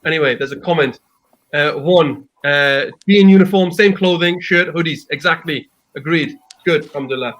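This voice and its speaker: Male host, casual chat, upbeat and encouraging, slightly high voice. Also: moderate pace, a bit bright, a little hiss or hum, poor audio. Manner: upbeat, encouraging, lots of fillers.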